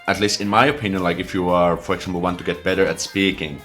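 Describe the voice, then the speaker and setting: A man's voice: low-pitched, steady tone, fast, a bit bright, faint music behind. A man in his twenties with a Finnish accent, casually explaining words to camera with lots of fillers and restarts. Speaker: language teacher.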